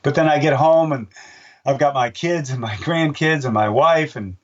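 A man's voice: on the high side, moderate pace. An older man, a race announcer, telling stories in a casual interview, rambling with restarts and acting out voices in his anecdotes. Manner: rambling, with many restarts and fillers. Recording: dull, distant-sounding recording.

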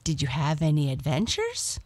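A woman's voice: sits low, wildly swooping pitch, normal speed, a little mellow, dry recording, full character voice. A woman voicing a young female black cat who is eager, chatty and adventurous in a storybook reading.

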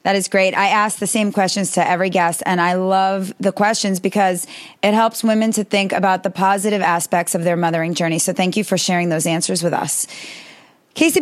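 A woman in her forties hosts an interview podcast. She reads out set questions and praises each answer with upbeat encouragement. Her voice sits at an ordinary middle pitch. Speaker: podcast host. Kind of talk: interview hosting.

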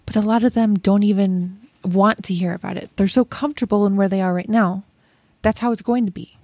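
A woman speaks as a podcast guest who runs her own business, chatty and open about her own life. Her pitch is average for a woman. The sound is dry and close, with no room echo. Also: fairly even intonation, fairly quick, warm tone. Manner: chatty and candid. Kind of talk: conversational podcast talk.

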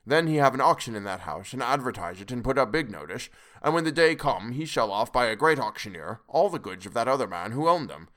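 A man voicing an elderly foreign professor in an audiobook, speaking in a measured, deliberate, lecturing way. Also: mid-range voice, lively intonation, a bit bright, close to an everyday voice. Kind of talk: audiobook character reading.

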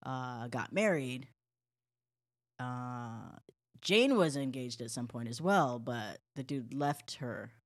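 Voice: medium pitch, animated, takes it slowly. A podcast co-host telling a story in casual chat, blunt and irreverent.

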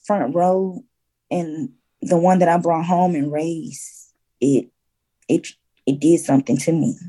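Woman, low, dark voice, unhurried; grieving guest in a candid talk. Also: fairly even intonation. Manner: slow, heavy-hearted, quiet. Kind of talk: candid conversation about grief.

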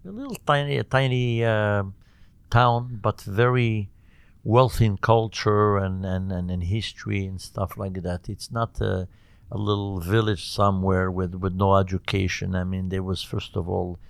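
An older man from Morocco, a cantor being interviewed, telling stories in a halting, earnest way with many restarts. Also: fairly low pitch, steady tone, gravelly, clean tone, no room sound. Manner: halting, repeats and restarts words, warm and earnest. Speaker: cantor, guest. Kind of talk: conversational storytelling interview.

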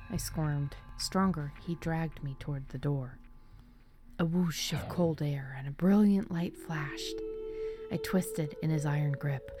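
Low, slow woman reading a story. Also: fairly even intonation, dark tone, faint music behind. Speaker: story reader. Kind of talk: scripted narration.

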